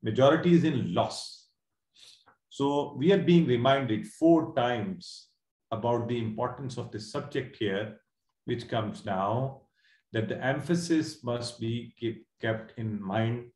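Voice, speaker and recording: A man's voice: mid-range voice, darkish tone, echoey room. A man teaching an online class, explaining words step by step, repeating himself and quizzing his students. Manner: explains slowly with many repeats and quiz questions. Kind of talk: online Quran word lesson. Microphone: video call.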